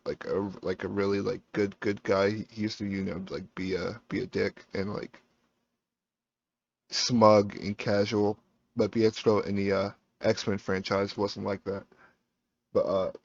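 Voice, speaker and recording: A man giving a casual spoilers review, tired and rambling excitedly with many fillers and restarts. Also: on the low side, no echo. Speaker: YouTube reviewer. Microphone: home microphone. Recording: dull mic that cuts out.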